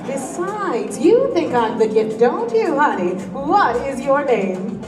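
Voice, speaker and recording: A woman's voice: sits high, very animated, slow, heavily acted. An actress playing a flirtatious female troupe singer who teases the audience in a live stage show. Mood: sassy. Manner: sassy, teasing audience banter. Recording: distant echoey theater with music and crowd.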